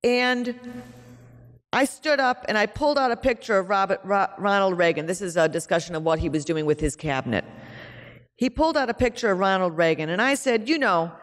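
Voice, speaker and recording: Woman speaking in an echoing hall. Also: medium pitch. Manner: conversational, halting, frequent fillers and restarts. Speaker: conference speaker. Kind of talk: conference presentation. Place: conference hall. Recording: long hall reverb.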